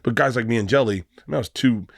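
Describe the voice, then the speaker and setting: A man's voice: mid-range voice, fast talker, gravelly, a little hiss or hum. A man as a podcast guest, telling stories in a brash, emotional way with swearing, played as a clip. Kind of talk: casual storytelling in an interview.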